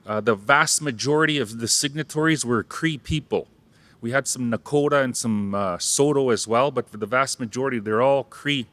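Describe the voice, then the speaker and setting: Bright-voiced man teaching playfully. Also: medium pitch, normal speed, no echo. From Saskatchewan, Canada. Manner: playful, jokes, leads audience call-and-response. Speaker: Cree language teacher and ceremonial helper. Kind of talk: interactive public talk teaching words.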